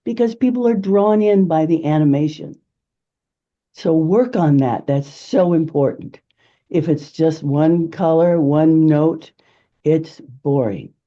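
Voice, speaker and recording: A woman giving a lively, emphatic networking pitch as a presentation skills coach, laughing often. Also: slow pace, dull audio.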